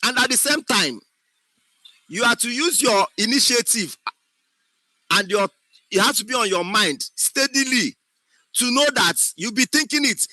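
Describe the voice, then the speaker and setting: A man's voice: extremely high pitch, lively intonation, a little slow, pauses often, pushed and bright, dry recording, low-quality recording. A man teaches an acting class, speaking with emphasis and often asking if his students follow. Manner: emphatic, often checks understanding. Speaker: acting instructor. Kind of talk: classroom lecture.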